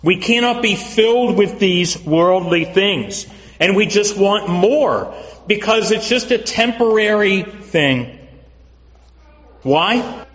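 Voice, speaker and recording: Slow, earnest preaching man in echoing hall. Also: sits high, lively intonation, fairly bright tone. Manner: measured, earnest preaching with repetition for emphasis. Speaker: pastor. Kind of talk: sermon. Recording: dull lo-fi recording with long hall reverb.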